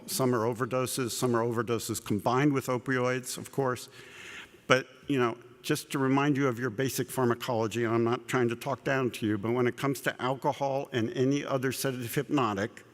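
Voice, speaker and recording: A man at a conference lectern lays out a scientific framework in a relaxed, conversational way. He repeats words as he goes and slips in dry asides. His voice carries a long reverb from a large hall. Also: medium pitch. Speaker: conference speaker. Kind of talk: plenary scientific lecture.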